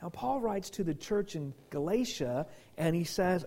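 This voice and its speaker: A man's voice: high voice, lively intonation, a little slow, hardly any pauses. Emphatic male pastor preaching. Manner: emphatic, swings from loud bursts to near-whispers; restarts and repeats words often. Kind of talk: sermon.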